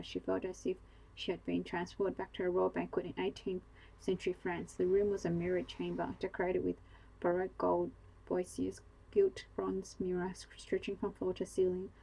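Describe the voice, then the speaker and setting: Woman, bedtime story narrator, low pitch, gravelly, husky, dark tone, flat melody. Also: low-quality recording. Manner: calm, steady reading.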